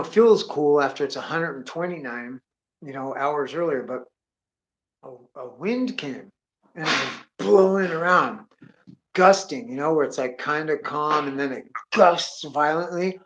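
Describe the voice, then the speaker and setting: A man's voice: a little high, muffled recording. Profane rambling man telling a wild story. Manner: profane, excitable, drawling with "dude"; acts out sound effects and voices. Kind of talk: rambling comic monologue.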